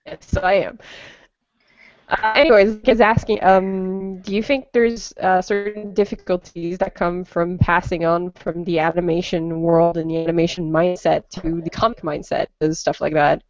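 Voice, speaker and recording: A woman's voice: lowish voice, steady tone, measured pace, darkish tone, dry recording. Brief: chatty woman moderator on a lo-fi call mic, dry and dull. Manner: chatty, apologetic, self-deprecating. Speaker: panel moderator. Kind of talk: casual online panel chat. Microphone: cheap computer microphone on a call. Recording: dull lo-fi cheap microphone.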